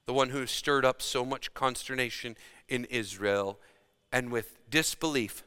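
A man preaching a sermon with dramatic shifts between loud emphasis and hushed delivery. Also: medium pitch, unhurried, clear, resonant tone. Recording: long reverb of a large hall.

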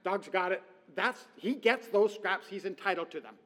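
A man voicing a family dog who insists that food dropped from a high chair belongs to him. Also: normal speed, fairly bright tone. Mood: possessive. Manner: smug, insistent. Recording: long hall reverb.

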